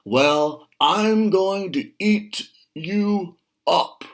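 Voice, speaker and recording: A man's voice: high-pitched, drawn-out words, voice pushed up, exaggerated voice. A man voicing a hungry troll who lives under a bridge, in a storybook reading. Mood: roaring. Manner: roaring, gruff and boastful.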